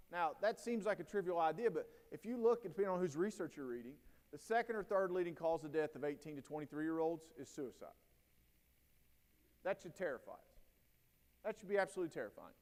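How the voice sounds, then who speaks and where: A man, giving a keynote talk to educators and telling stories with lively acted-out quotes. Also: high-pitched. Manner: storytelling, animated, acts out quotes. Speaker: keynote speaker at a teacher training day. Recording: long hall reverb.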